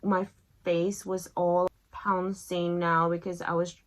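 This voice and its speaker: A young woman vlogger telling a lively story while doing her makeup. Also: slow pace, low-quality recording. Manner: lively storyteller, acts out quotes in a high voice. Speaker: beauty vlogger.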